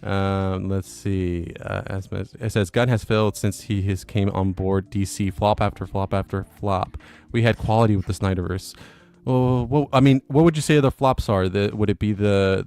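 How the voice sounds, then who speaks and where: Male stream host, low voice, easygoing, reads chat aloud. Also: smooth. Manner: relaxed, chuckles between comments. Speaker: livestream host. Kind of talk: casual livestream chat reading viewer comments.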